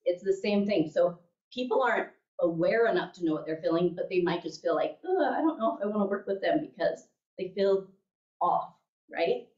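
A woman's voice: fairly low pitch, lively intonation, moderate pace, darkish tone. A woman teaching a class, telling a story in a chatty way and often checking in with her listeners. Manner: chatty, keeps checking in with "okay?" and "right?". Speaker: class instructor. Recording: echoey room, mic at a distance, dull sound.

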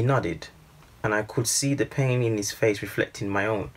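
A man reading a storybook aloud, slow and measured, lightly voicing each character. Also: fairly low pitch. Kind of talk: scripted storybook narration.

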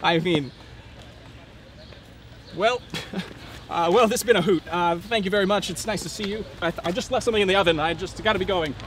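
An actor playing a self-important, easily flustered private detective in a comedy web series, recorded outdoors on a city street. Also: male voice, sits high, fairly quick, pauses often, a bit bright, a little hiss or hum. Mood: exasperated. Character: bumbling pompous male private eye.

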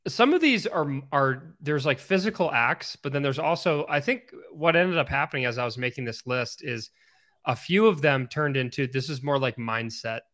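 A chatty male podcast co-host with a bright, forceful voice. He rambles through casual stories at an easy conversational pitch. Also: animated, normal speed.

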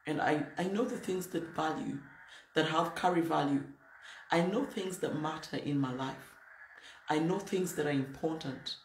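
A woman's voice: low voice, normal speed. A woman pastor preaching a sermon in a blunt, emphatic, plain-spoken way. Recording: roomy echo, faint noise.

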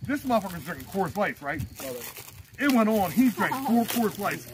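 A man's voice: high-pitched, big pitch swings, moderate pace, noisy background. Profane man telling a story. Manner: profane and laughing. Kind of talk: casual storytelling.

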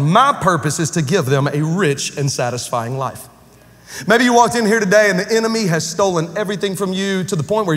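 A man with a high voice preaches a lively sermon, trading jokes with the congregation in casual slang. His voice carries a long reverb from the church hall around him. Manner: joking, conversational preaching with Southern slang. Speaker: pastor. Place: church sanctuary with live congregation.

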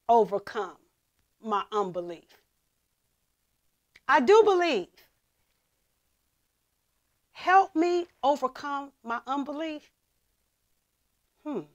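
A woman pastor preaching a sermon, reading scripture with dramatic emphasis and dropping to a hush for asides. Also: high-pitched. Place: church.

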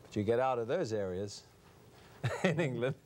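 Hesitant, low-voiced male actor guest. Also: unhurried, a little mellow, a little hiss or hum. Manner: hesitant, many ums and uhs, wry. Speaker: actor being interviewed. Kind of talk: TV interview chat.

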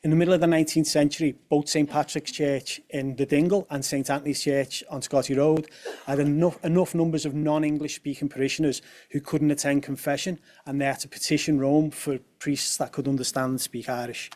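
Man giving a lively talk with asides. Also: on the high side, a little fast. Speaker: speaker at a talk on language. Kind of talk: presenting a talk.

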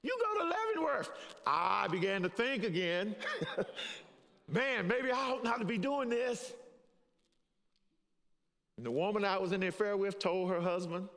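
An older man, a pastor, preaching a sermon and telling his own story, chuckling at times, swinging between hushed confession and raised preaching. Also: sits high, lively intonation, unhurried, creaky, long pauses. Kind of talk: sermon with personal testimony. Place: church sanctuary. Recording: long hall reverb in a church.

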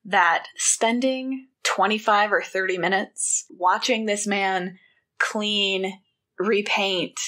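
A woman co-hosting a podcast in casual chat, telling a story with wry, animated asides. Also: mid-range voice, slow. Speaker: podcast co-host.

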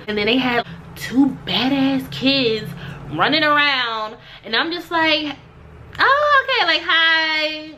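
Bright, animated young woman telling a story. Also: a little high, a little hiss or hum. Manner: animated, acts out quotes. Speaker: vlogger. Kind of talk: storytime vlog.

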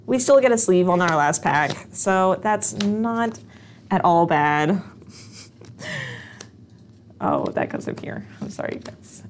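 Gravelly-voiced woman hosting a live stream. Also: on the low side, slight background noise. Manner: chatty, talking straight to viewers. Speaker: stream host opening card packs.

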